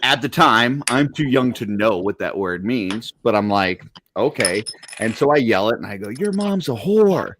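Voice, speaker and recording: A man's voice: fairly low pitch, moderate pace, hardly any pauses, a bit bright, a little hiss or hum. A man hosting a podcast, telling a childhood story in a laid-back way and laughing as he goes. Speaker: podcast host. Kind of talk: casual chat, anecdote.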